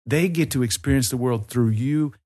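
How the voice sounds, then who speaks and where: A man with a Southern American accent talks as a guest on a podcast. He speaks in an earnest, persuasive way, with a voice of middling pitch. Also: moderate pace, a little mellow, husky. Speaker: tour company guest. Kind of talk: podcast interview.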